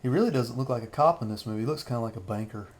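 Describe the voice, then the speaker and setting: Thirties guy chatting over a movie, rambly, laughs a lot, medium-pitched voice. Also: racing. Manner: rambling, chuckles often. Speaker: host of a fan movie commentary channel. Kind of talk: casual film commentary.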